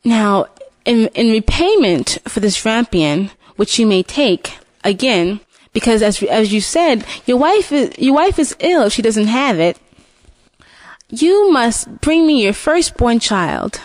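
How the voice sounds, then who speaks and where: A scheming old witch crows over a stolen herb in a storybook tale, as a woman reader puts her on. Her voice swoops up and down with lively, drawn-out lines, and the sound is close and dry. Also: on the high side, no echo. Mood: gloating.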